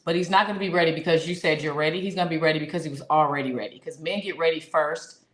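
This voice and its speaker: Low-voiced woman, echoey podcast room. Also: fairly even intonation, very fast. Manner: warm, encouraging advice with affectionate address. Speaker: podcast co-host giving relationship advice. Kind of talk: casual chat.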